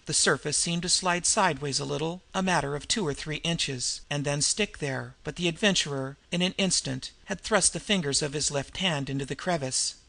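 Man, audiobook narrator, scripted narration, higher voice, gravelly. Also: moderate pace, hardly any pauses, bright, forceful tone.

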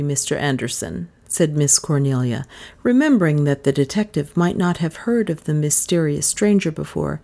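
Woman narrator, low voice, mellow and even. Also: creaky. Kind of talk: audiobook narration.

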